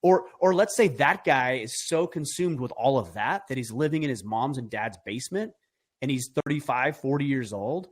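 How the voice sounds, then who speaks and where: A man's voice: mid-range voice, lively intonation, moderate pace. A middle-aged man talking as a podcast guest, earnest and emphatic, building his points with rhetorical questions. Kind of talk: conversational podcast talk.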